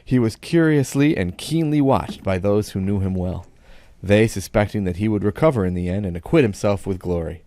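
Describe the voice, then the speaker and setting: A man's voice: on the low side, moderate pace, hardly any pauses, mellow, no room sound. A man co-hosting a live podcast, reading an old joke aloud with wry asides and laughing at himself. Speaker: podcast co-host reading a segment.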